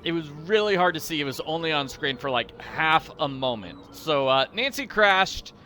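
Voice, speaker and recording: A man chatting through a mystery game in a goofy, self-deprecating way. His voice is bright and animated, with a faint hiss of noise underneath. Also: on the high side, normal speed. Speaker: let's-play host. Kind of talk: casual gameplay commentary.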